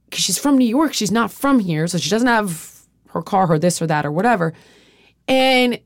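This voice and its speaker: On a dry, studio-quality recording, a middle-aged woman hosting a podcast speaks frankly and confessionally in a candid personal conversation. Her voice is a little high, and she peppers her talk with "like" and plenty of swearing.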